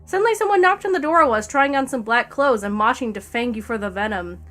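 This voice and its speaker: A woman with a fairly high voice reads a fanfic aloud on a stream. She keeps stopping to laugh and toss in wry comments, and faint music plays behind her. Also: animated, quick pace, fairly bright tone. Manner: breaks off laughing, wry asides.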